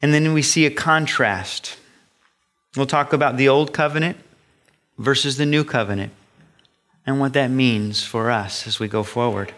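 A middle-aged male pastor preaching a sermon, animated and acting out the voices of the people he describes. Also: medium pitch, normal speed, pauses often.

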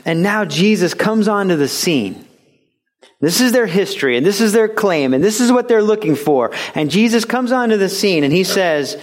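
A man's voice: high-pitched, expressive, normal speed. Emphatic, conversational male preacher. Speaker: pastor. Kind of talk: sermon.

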